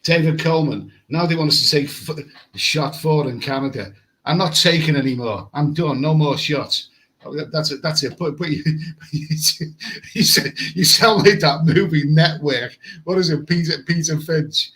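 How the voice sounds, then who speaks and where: Bright-voiced rambling man. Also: a little high, moderate pace, poor audio. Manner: rambling, repeats words, chatty. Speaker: travel vlogger. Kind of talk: casual live stream chat reading comments. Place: hotel room with air conditioning.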